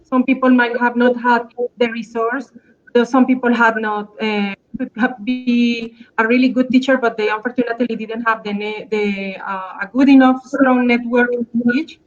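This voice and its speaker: Colombian woman, spanish accent in english, kinda high voice, stop-start and hesitant, muffled call audio. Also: fairly even intonation, normal speed. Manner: hesitant, many restarts and fillers. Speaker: guest dancer. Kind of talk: live online talk.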